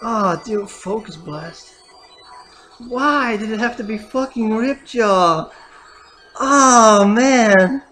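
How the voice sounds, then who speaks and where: Faint game music plays behind a woman narrating her own gameplay as a let's player. Her voice is fairly high and fairly bright, and she speaks very slowly, cursing and crying out whenever something goes wrong.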